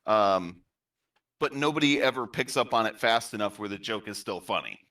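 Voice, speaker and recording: Man, bright voice, rambling joke teller, distant from the mic. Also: on the low side, lively intonation, normal speed. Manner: rambling, chatty with fillers. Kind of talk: casual joke telling among friends.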